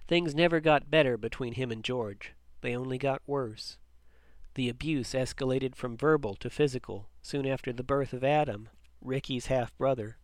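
Man, storytelling narration, measured and even, mid pitch, dry close-miked sound. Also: dry recording.

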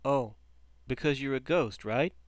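A man's voice: medium pitch, a little slow, no room sound, lightly acted. A man reading a story, voicing a teenage boy who sounds anxious and unsure. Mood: uneasy. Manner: anxious, hesitant. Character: frightened, confused teenage boy.

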